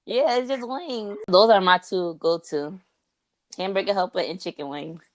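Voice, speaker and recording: A young woman co-hosting a podcast, telling stories in a casual, animated, slangy way. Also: mid-range voice, normal speed, crowd noise. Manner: animated storyteller, slangy, says "like" and "bro" often. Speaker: podcast co-host. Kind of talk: casual chat.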